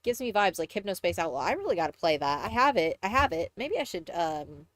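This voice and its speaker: A woman's voice: lowish voice, sing-song, a little fast, a bit bright, no room sound. A young woman from Texas with a mixed Southern and Midwestern accent, chatting casually on a live stream, rambling and correcting herself as she goes. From Texas, USA. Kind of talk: casual live-stream chat, reading aloud.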